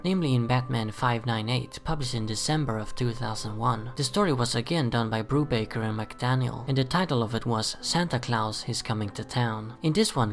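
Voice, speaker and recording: A man narrating a scripted video in a steady, measured way, with soft music playing behind him. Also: mid-range voice, creaky. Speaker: video host.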